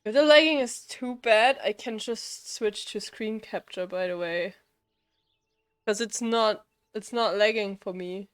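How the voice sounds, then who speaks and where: A woman's voice: medium pitch, unhurried. A young woman streaming a game live, chatting casually and rambling with frequent laughs.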